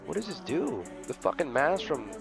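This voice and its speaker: With a slightly high, sing-song voice at a moderate pace, a young gaming host curses his way through a let's-play, background music running underneath. He shrieks when startled and mutters to himself in the quieter stretches.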